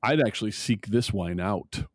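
A man in his fifties hosting a podcast in casual chat, relaxed and rambling, quick to laugh. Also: on the low side, no room sound, studio quality. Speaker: podcast host.

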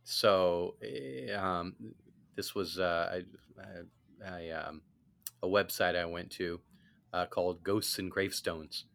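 A man's voice: sits low, takes it slowly, creaky, a bit bright. A man co-hosting a talk show, chatting casually and easygoing with plenty of fillers. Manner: easygoing, lots of fillers, self-described skeptic. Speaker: podcast co-host. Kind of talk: casual chat.

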